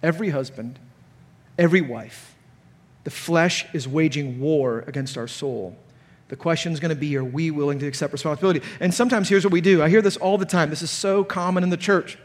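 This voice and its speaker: A man preaches at a conference, his voice sitting high for a man. He is animated and turns loud and sharp when he acts out the people he quotes. A long reverb hangs on every phrase in the large hall. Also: fairly quick. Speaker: pastor. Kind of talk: conference sermon.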